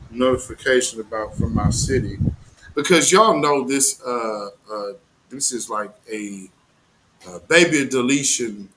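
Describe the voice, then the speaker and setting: A man's voice: medium pitch, noisy background. A man hosting a live news commentary stream, heated and mocking, with slangy, profane talk.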